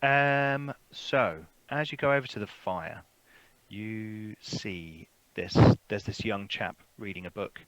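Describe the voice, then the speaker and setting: A man narrating a tabletop game as game master, relaxed and rambling with many fillers. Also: lowish voice, slow, no room sound, lo-fi sound.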